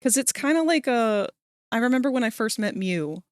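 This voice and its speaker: A woman's voice: on the high side, lively intonation, moderate pace, clean tone, no echo, studio quality. A woman streamer chatting casually while she works live, telling rambling stories and talking to her viewers. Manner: chatty, rambling storyteller, talks to chat viewers.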